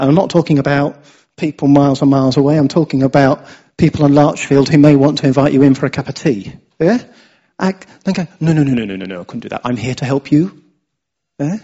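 Chatty English preacher, husky voice. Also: male voice, medium pitch, a little mellow. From England. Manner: chatty, often asks "yeah?". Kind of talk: sermon. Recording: dull lo-fi sound.

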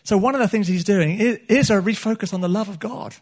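Earnest preacher man, slightly high. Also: fast talker. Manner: earnest, repeats himself and restarts phrases. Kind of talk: sermon. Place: church meeting hall.

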